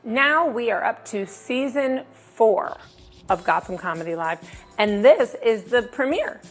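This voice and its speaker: A woman's voice: on the high side, very animated, unhurried, faint music behind. A woman hosting a comedy show with wry, self-deprecating banter. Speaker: host.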